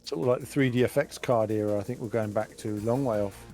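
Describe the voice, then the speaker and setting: A man's voice: fairly low pitch, fast, a little mellow, soft background music. A man co-hosting a stream, giving dry, sarcastic reaction commentary. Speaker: stream co-host.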